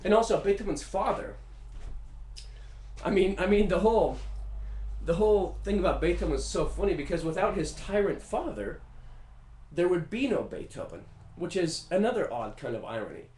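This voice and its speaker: A man riffing in a casual comedic monologue, animated and profane, rambling with fillers. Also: sits high, moderate pace. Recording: roomy echo.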